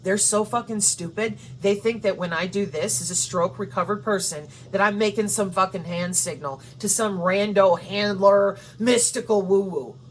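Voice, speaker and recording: A woman's voice: mid-range voice, normal speed, hardly any pauses, slight background noise. A woman hosting her own channel, delivering a profane, confrontational ranting monologue. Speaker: channel host.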